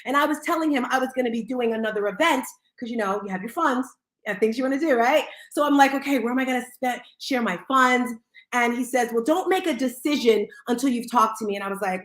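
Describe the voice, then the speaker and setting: Woman host, energetic motivational talk, high voice, roomy echo. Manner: energetic, motivational, quick asides. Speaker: show host. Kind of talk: live audio room talk.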